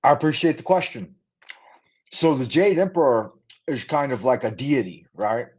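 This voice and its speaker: His husky, medium-pitched voice has a sing-song lilt and a moderate pace as he chats loosely with livestream viewers, throwing in playful rhymes. The audio is a bit dull and lo-fi, like a home stream setup, while he rambles between food ratings and side topics.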